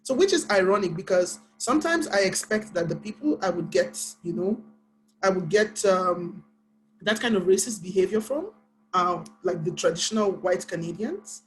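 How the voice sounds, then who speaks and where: A woman's voice: medium pitch, lively intonation, faint music behind, rough recording. A woman from Nigeria with a Nigerian English accent, a panel guest and author telling her story earnestly and pacing her words with care. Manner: earnest, deliberately paced speech.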